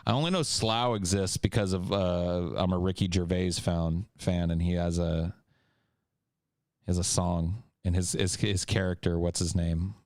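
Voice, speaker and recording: Man, host, casual Q&A, joking, swearing, very low voice. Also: steady tone, moderate pace, darkish tone, dry recording, clean studio sound. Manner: joking, profane, offhand. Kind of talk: casual Q&A chat.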